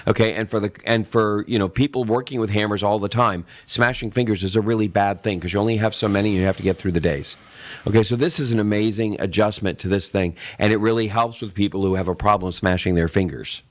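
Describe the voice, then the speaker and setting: A middle-aged man with a very low voice talks through an idea on a casual podcast. He rambles and restarts, acting out little sales pitches as he goes. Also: fast talker. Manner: rambling, explains with acted-out sales examples. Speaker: tech show co-host.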